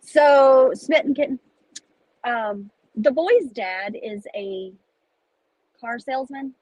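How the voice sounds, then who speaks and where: Chatty Southern woman, slightly husky. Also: high-pitched, slow, no echo, muffled recording. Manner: chatty, rambling, country phrasing. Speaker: vlogger. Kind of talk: casual chat. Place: in a car.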